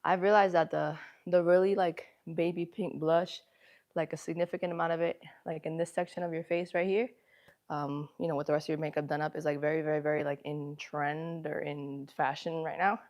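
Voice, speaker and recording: This woman's voice is deep and a little mellow, with a flat delivery and fairly quick pace, as she streams her workout and makes casual chat with viewers between sets. Frequent laughter, breathlessness, and a runny nose come through.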